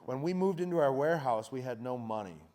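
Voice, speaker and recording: A man in his thirties, a founder on a conference panel, telling stories in an energetic, self-mocking, emphatic way. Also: medium pitch, fast talker. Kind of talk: animated panel storytelling. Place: conference hall. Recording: reverberant hall.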